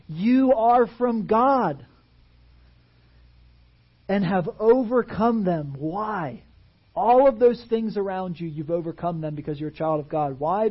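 A man preaching a sermon in a church, animated and full of rhetorical questions to the congregation. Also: fairly high pitch, slightly rough, muffled recording. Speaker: pastor. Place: church sanctuary.

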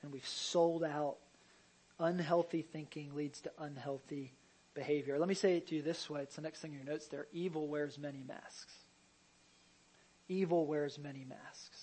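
A pastor delivers a sermon in a lifted, high-pitched voice. He talks to the room like a conversation, doubling back on his words and then driving points home with loud emphasis. Now and then he drops in a joke for the congregation. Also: fairly even intonation, normal speed, breathy edge, rough recording. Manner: conversational preaching with repeated restarts and sudden loud emphasis; jokey asides to the congregation.

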